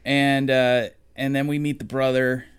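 A woman's voice: rumbling low, little pitch movement, clean tone. Woman co-host, casual movie recap, chatty and rambling. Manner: chatty, trailing off and restarting, quick asides.

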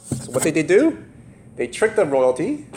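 Over background noise, a man with a slightly high voice delivers a laid-back sermon at a moderate pace. He animatedly voices each person in the story, laughing often and using many fillers.

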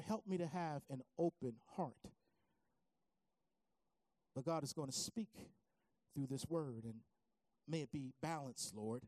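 A preacher delivering a sermon in a dry, close recording with no room sound. The voice sits mid-range in pitch and moves from calm teaching into shouted, sing-song preaching. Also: no echo. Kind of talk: sermon with storytelling.

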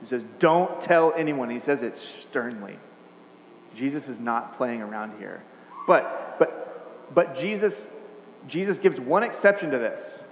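A man's voice: medium pitch, lively intonation, a little slow. Man, pastor, sermon, emphatic, repetitive build-ups, roomy reverb, faint hum. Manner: earnest, emphatic preaching with repeated phrases. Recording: echoey hall, faint hum.

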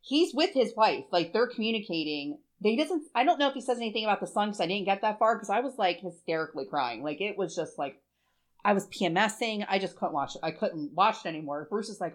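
In a casual podcast chat, a female co-host in her forties tells a story, getting emotional and swearing a lot. She speaks fast, with a medium pitch and lively intonation.

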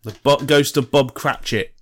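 A man's voice: mid-range voice, fairly even intonation, moderate pace. Blunt, teasing male podcast co-host. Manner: teasing, blunt, sweary banter. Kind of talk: casual chat.

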